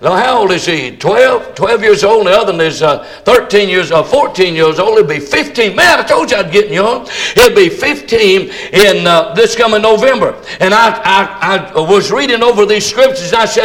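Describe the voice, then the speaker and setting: An older man preaching a revival sermon and leading prayer, fervent and folksy, shouting out his key points. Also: high voice, expressive, moderate pace, rough recording.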